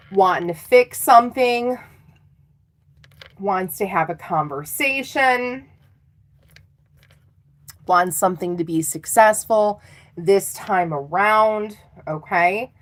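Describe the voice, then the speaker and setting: Casual tarot reader, middle-aged woman, slow and chatty with frequent laughs. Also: medium pitch. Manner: chatty and self-teasing, laughing often. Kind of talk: live tarot reading.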